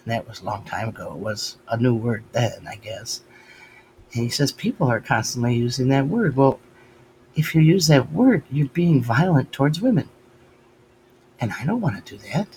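An older man giving a reflective, halting spiritual monologue and retelling his talks with God. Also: mid-range voice, animated, a little mellow, slight background noise, low-quality recording. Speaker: speaker sharing spiritual reflections.

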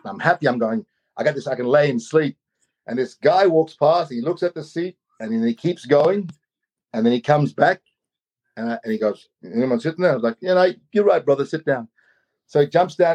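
A man from Australia telling a long travel story in a casual, animated way, often repeating his words as he goes. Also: on the high side. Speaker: guest storyteller.

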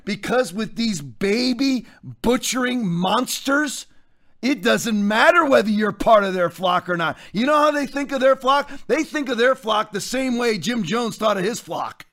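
A man with a notably high voice hosts a podcast with heated commentary. He rants in a fired-up, preacher-like style, pressing his points hard. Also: lively intonation, moderate pace, fairly bright tone. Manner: fired-up, ranting, preacher-like delivery. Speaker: podcast host and pastor.

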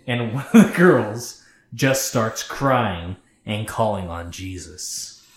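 A man co-hosting a podcast, casually reading a scary story aloud, swearing freely and stopping to comment. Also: mid-range voice. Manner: profane, chatty, breaks off to comment. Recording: roomy echo.

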